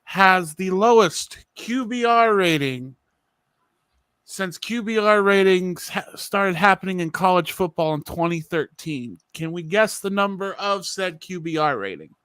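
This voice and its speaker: A man's voice: high-pitched, expressive, measured pace, a bit bright, smooth, no room sound. A man co-hosting a college football podcast, teasing the others with stats in casual sports chat. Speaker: podcast co-host.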